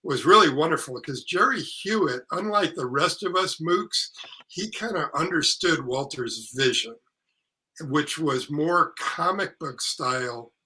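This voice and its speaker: An older man, an actor and author, telling anecdotes in casual conversation, lively and salty, acting out what others said. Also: on the high side, a little slow, low-quality recording. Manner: lively storyteller, salty language, acts out quotes. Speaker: actor and author, podcast guest.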